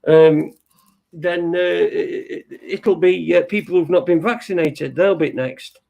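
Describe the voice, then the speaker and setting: High-voiced sweary man. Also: creaky, a little mellow. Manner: rambling, halting, sweary. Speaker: host. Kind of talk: casual chat show talk.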